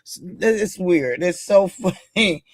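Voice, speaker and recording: A woman's voice: on the low side, animated, slow, no room sound. A woman from New York in casual chat on a live stream, laughing often as she talks.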